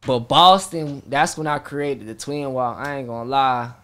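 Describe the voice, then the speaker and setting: A young man, a performing artist, telling stories in a casual interview chat, animated and profane, acting out his own reactions. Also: medium pitch, normal speed.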